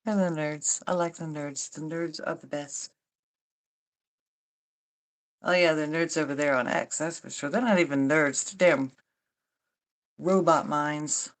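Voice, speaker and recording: Older woman host, low-pitched, chatty and rambling with dry self-mocking humor and casual cursing. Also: steady tone, normal speed. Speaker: livestream host. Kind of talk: casual livestream chat.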